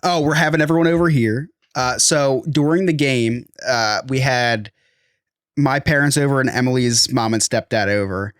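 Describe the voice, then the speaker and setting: A man's voice: mid-range voice, normal speed, smooth, no room sound. Philly guy in his 30s, podcast cohost, rambling stories, dry mic. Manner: rambling storyteller, laughs often. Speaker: podcast co-host. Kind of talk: casual chat.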